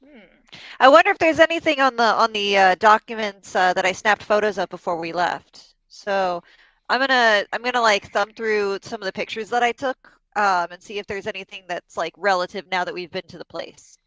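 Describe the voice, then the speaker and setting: Female player, bright sharp tone, musing, dry mic. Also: medium pitch, dry recording, low-quality recording. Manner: musing, drawn-out hums. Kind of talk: tabletop game play.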